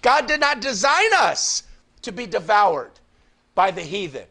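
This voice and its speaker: A man preaching a Bible study sermon, reading scripture aloud and swinging from quiet confiding asides to fervent, pleading outbursts. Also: lively intonation, unhurried, vocal fry. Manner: rises into fervent shouted pleading, then drops low. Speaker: pastor.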